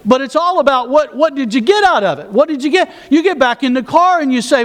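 Male pastor, high voice, sermon delivered as easy conversation with self-mocking asides. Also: lively intonation, fairly quick, hardly any pauses.

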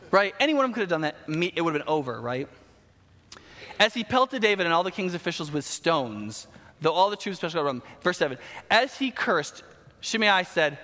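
A man preaching a sermon, retelling a Bible story in a casual, animated way with slang asides. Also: a little high, a little fast. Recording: long hall reverb.

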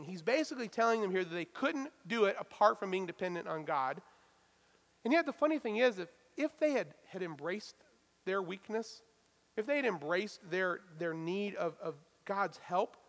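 A man with a notably high voice preaches a sermon, pressing hard on key words and then dropping into quiet asides. His voice rings out in a large space with a long, trailing reverb. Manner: emphatic preaching, swinging from loud stresses to hushed asides. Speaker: pastor.

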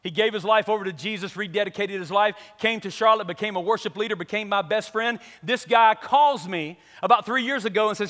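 A man with a very high, bright voice preaches to a crowd, spinning a funny story and slipping into the voices of its characters. His words ring out with the long reverb of a large hall. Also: fairly quick, few pauses. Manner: animated, comic, acts out the people in his story. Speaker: pastor. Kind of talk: storytelling sermon.

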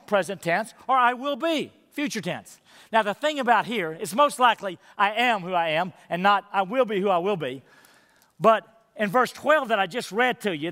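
A male pastor delivering a sermon with a high, light voice. He leans hard on key words, then sinks into a soft, close delivery. A long reverb tail hangs on his voice from the church sanctuary. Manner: emphatic, building to stressed phrases then dropping to hushed, intimate tones.

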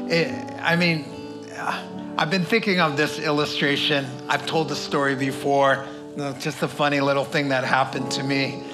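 A male pastor giving a sermon in a conversational, folksy way with many asides. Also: a little high. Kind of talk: sermon with personal story.

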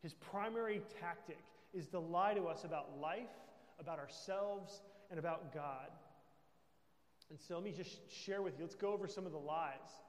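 A man's voice: a little high, moderate pace. A man preaching a sermon as pastor. He speaks emphatically and keeps checking in with his listeners. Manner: emphatic, with conversational check-ins. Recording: echoey hall with long reverb.

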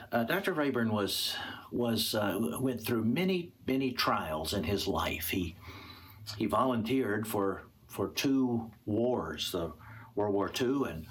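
A male pastor delivers a sermon in an earnest, deliberate way, often repeating a phrase before he moves on. His voice sits low and carries a slight husky texture. He alternates between plain explanation and reading scripture aloud. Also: fairly bright tone. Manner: earnest, repeats words for emphasis.

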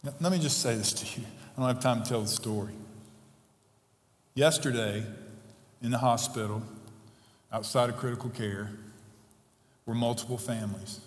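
A man preaching a sermon as pastor, moving from quick asides to impassioned, building emphasis. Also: medium pitch. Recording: echoey hall, long reverb.

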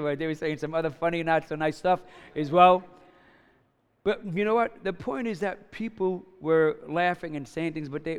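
A fifty-something man preaching from the pulpit, his voice sitting a little high for a man. He talks in a loose, conversational way and keeps checking in with his listeners. A long reverb from a large church hall trails behind every word. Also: clean tone. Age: 50s. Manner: conversational storytelling, frequent "right?" and "you know?". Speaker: pastor. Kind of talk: sermon.

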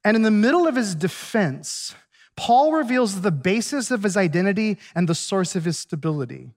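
A male pastor giving a sermon, retelling a Bible story in a conversational, animated way with acted asides. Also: high-pitched, normal speed.

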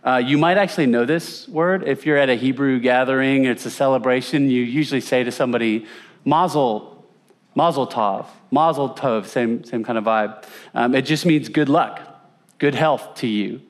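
A man's voice: medium pitch, moderate pace. A man teaching a conversational Bible lesson, asking his audience questions and repeating words for emphasis. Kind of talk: teaching sermon with slides.

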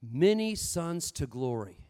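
A man preaching a sermon with lively storytelling, swinging between loud bursts and hushed asides. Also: a little high, takes it slowly, clean tone, long reverb tail.

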